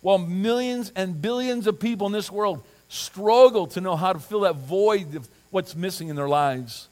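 High-voiced, impassioned male preacher. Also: normal speed, a little mellow. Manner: impassioned preaching, reads scripture aloud, asks the congregation to repeat. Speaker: pastor. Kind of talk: sermon.

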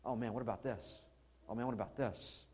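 A preacher acting out a sleepless patriarch who mutters his worries in a hushed voice. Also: fairly high pitch, expressive, quick pace. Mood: fretful. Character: sleepless fretting patriarch in a tent, man.

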